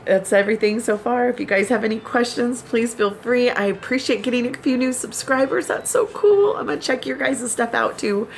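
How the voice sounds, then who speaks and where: A woman's voice: on the high side, brisk, creaky, hardly any pauses, slight background noise. A woman vlogger chatting casually with her viewers, giggling and laughing often as she tells her stories. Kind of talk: casual chat to subscribers.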